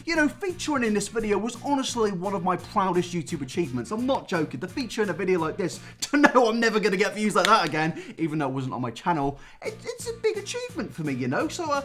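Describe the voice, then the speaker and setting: A man doing comedic commentary straight to camera. His pitch swings widely as he jokes and mocks himself, with faint music underneath. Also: huge pitch swings, fast, hardly any pauses, a bit bright. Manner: self-mocking, jokey, sarcastic asides. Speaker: YouTube commentator.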